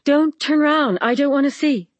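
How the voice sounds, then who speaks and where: A reader voicing a frightened young woman who speaks in a shrill, shaking voice, raised high. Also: a little slow, dark tone, slightly rough, dry recording. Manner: high, pleading questions.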